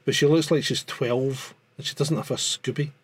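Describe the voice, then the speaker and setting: Scottish guy on a podcast, kinda husky, rambles and repeats himself. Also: mid-range voice, fairly even intonation, moderate pace. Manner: rambling, repeats words, frequent restarts. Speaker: podcast co-host. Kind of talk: casual chat.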